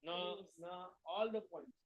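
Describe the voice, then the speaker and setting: A man's voice: high voice, unhurried, highs cut off. A man teaching a scripture class, prompting the reader with short questions and repeating key words back.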